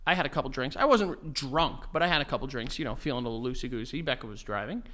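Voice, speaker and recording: A man's voice: medium pitch, quick pace. A young man, co-hosting a podcast and telling crude stories in casual chat. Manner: crude, animated storytelling. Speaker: podcast co-host.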